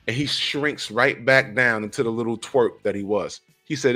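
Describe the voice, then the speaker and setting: A man's voice: fairly low pitch, moderate pace, a bit bright, soft background music. A man hosting a casual podcast, animatedly retelling a movie plot with sudden jumps in voice. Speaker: podcast host. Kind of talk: casual movie recap chat.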